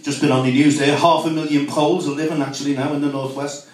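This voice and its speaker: A man's voice: a little high, little pitch movement, a faint crowd. A man from Merseyside with a Liverpool accent doing a stand-up comedy set, firing off jokes with lots of "you know" fillers. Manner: rapid joke delivery with many "you know" fillers. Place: club room with live audience. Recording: echoey room, distant mic.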